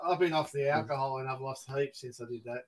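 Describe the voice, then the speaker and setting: A man's voice: mid-range voice, quick pace, a crowd in the background. A man co-hosting a podcast in casual, swearing banter. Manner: swearing, joking. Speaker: podcast co-host.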